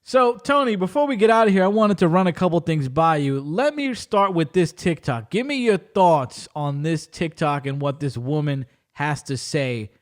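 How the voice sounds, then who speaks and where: A man's voice: a little high, lively intonation, normal speed, hardly any pauses. A man hosting a podcast in casual chat, playful and hyped, cursing freely. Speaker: podcast host.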